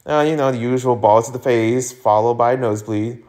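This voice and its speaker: A man's voice: medium pitch, fairly even intonation, normal speed, a little mellow, close to an everyday voice. A man voicing an embarrassed, easygoing teenage schoolboy in a webtoon reading, sounding sheepish and laid-back.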